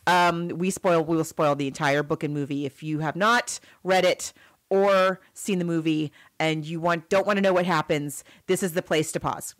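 A woman co-hosting a casual book-versus-movie podcast, retelling the plot in an animated way with frequent fillers and restarts. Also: low voice, moderate pace. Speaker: podcast co-host.

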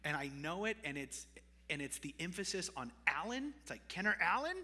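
A man's voice: on the high side, lively intonation, moderate pace, bright, forceful tone, in a large hall. A man preaching a sermon as pastor, conversational, with asides to the congregation. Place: church sanctuary.

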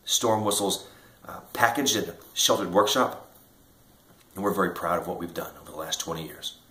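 A man's voice: low voice, moderate pace, pushed and bright. A middle-aged man with a Midwestern American accent, an inventor telling an earnest story straight to the camera, acting out the voices in it. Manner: earnest storytelling, acts out quoted dialogue. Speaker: inventor and company founder. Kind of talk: direct-to-camera promotional talk. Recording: echoey room.

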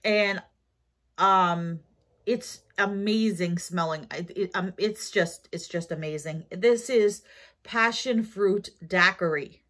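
A woman's voice: medium pitch, takes it slowly, fairly bright tone. A tired woman with a New York accent, rambling through a casual shopping haul vlog with lots of fillers and self-corrections. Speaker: haul vlogger.

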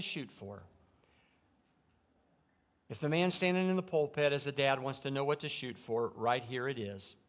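A middle-aged man preaching a sermon from a church pulpit, shifting between quiet, reflective stretches and loud, emphatic preaching. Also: mid-range voice, moderate pace, long pauses. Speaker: pastor. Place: church sanctuary.

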